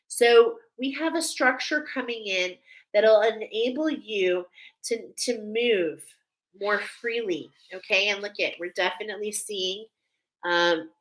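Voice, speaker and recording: A woman delivers a spiritual guidance reading in a chatty, soothing way, often checking in with listeners. Her voice is bright and forward, sitting in a middle pitch for a woman. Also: rough recording. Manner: soothing, chatty, repeats "okay?". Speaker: spiritual reader. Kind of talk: channeled guidance talk.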